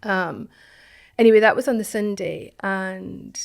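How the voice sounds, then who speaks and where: A woman, a guest telling a personal story in an interview, reflective and halting, with many restarts and phrases that trail off softly. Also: mid-range voice, fairly even intonation, gravelly. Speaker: guest, founder of an online business community.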